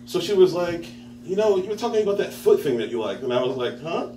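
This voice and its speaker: A man's voice: sits high, big pitch swings, fast talker, warm tone, slight background noise. A man in his thirties telling a rambling stand-up story at an open mic, laughing at his own jokes and acting out the people in it. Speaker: stand-up comedian. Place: bar with live audience. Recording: roomy distant mic with crowd.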